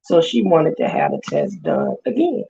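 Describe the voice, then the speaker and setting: A woman vlogger, casually retelling a story with lively quoted voices. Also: low voice, moderate pace, creaky, highs cut off.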